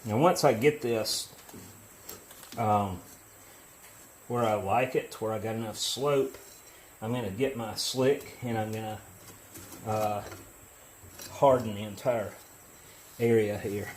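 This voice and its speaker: Speaking slowly with long pauses, a middle-aged man has a lowish, darkish voice, captured in a low-quality recording with slight background noise. He's a metal casting hobbyist hosting from a foundry workshop, easygoing and chatty as he explains his work and drifts into storytelling.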